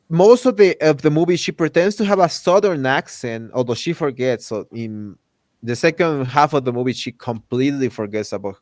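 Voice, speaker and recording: Animated man ranting. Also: medium pitch, dry recording. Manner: animated, indignant, many restarts. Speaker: host. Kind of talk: casual podcast rant.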